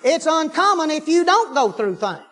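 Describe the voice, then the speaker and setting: A preacher delivers a sermon with a notably high voice. He mixes folksy storytelling with fervent bursts of praise. The sound carries a long hall reverb. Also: big pitch swings, moderate pace, fairly bright tone.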